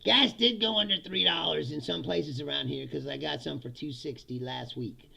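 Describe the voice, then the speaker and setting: Gravelly, sarcastic ranting man. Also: a little high, moderate pace, bright, forceful tone. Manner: sarcastic, swearing, laughing between lines. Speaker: political commentator. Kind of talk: profane comedic political rant.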